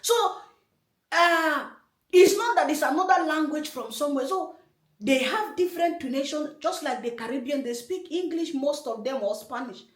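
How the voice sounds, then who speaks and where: A woman's voice: high voice, moderate pace. A woman hosting a reaction video, speaking her mind in an emphatic, rambling, indignant way. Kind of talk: casual commentary. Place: room in Germany. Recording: echoey room.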